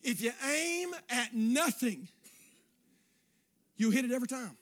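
A man preaching a sermon in a folksy way, dropping to quiet asides and rising to shouts. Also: extremely high pitch, expressive, measured pace. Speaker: pastor.

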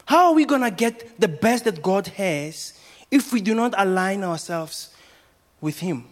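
High-voiced man preaching a sermon. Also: lively intonation, unhurried. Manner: preaching with many rhetorical questions. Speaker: pastor.

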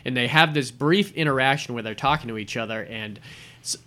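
A man spins a story in casual conversation, slipping into quoted lines as he goes. His voice is bright and forward, and he sounds animated, like he is reliving the scene as he tells it. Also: mid-range voice, a little fast. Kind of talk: casual chat retelling a film scene.

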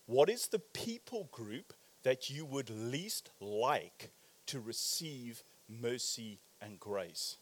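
A man preaching a sermon in a church, animated, swinging from loud exclamations to quiet, probing questions. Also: medium pitch, takes it slowly. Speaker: pastor.

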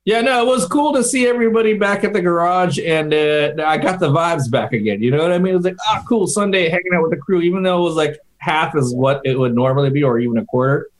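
A man's voice: on the high side, fast talker, hardly any pauses. A man on a phone call chatting casually and mocking himself, with lots of fillers. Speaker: podcast co-host. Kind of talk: casual chat. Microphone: phone on an internet call.

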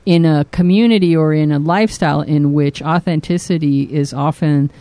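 A woman's voice: low-pitched, normal speed, mellow, no room sound. A woman co-hosting a casual podcast, steadily explaining a listener's question. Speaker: podcast co-host.

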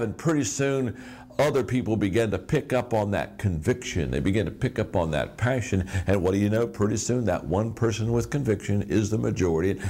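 A man giving an earnest, measured inspirational talk. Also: fairly low pitch, a little mellow. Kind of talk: inspirational speech.

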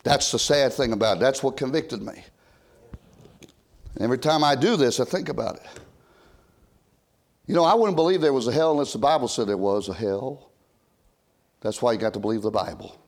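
An older man preaching an old-time sermon from a church pulpit, rising to loud shouted emphasis and dropping to quiet asides. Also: mid-range voice, lively intonation, normal speed, pauses often. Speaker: pastor.

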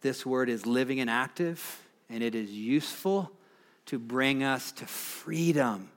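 A man's voice: mid-range voice, a little slow. A man preaching a sermon as pastor, building with passion and emphasis on key phrases.

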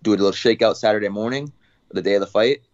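A young adult man, a fighter guest, talking through his training routine in a relaxed, casual way. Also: fairly low pitch, highs cut off. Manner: relaxed, talks fast with fillers and restarts. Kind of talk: casual interview.

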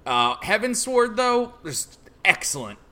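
A young man co-hosting a casual podcast chat, relaxed and wry with a teasing edge. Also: high-pitched, unhurried. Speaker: podcast co-host.

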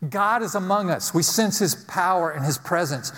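A man's voice: high-pitched, animated, normal speed. Emphatic male preacher in a reverberant hall. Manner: emphatic preaching with repeated phrases, ending in a quieter prayer. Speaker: pastor. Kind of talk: sermon. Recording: long reverb of a large hall.

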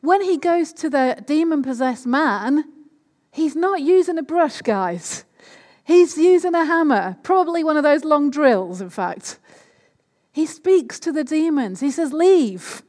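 A woman preaches a sermon in a conversational way, often checking in with the listeners through questions. Her voice sits fairly high. The sound carries a long reverb, as in a church hall. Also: lively intonation, a little slow, darkish tone.

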